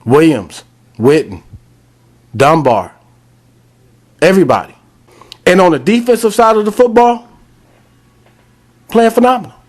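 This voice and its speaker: A man's voice: high voice, lively intonation, measured pace, long pauses. A man hosting a sports talk podcast, ranting bluntly and calling out directly to fans. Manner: fired-up, addresses fans directly; blunt, repetitive scolding. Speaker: podcast host.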